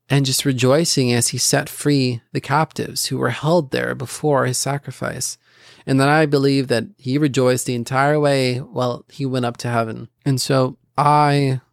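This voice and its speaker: A man's voice: medium pitch, gravelly, dry recording, studio quality. A man hosting a casual Christian podcast, talking earnestly in a rambling way with restarts and asides. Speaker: podcast host.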